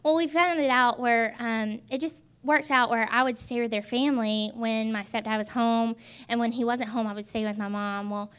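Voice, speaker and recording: Woman, twenties, faith testimony, earnest, halting, fairly high voice. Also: steady tone, a bit bright, clean tone. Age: 20s. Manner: earnest, halting with many ums. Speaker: testimony speaker.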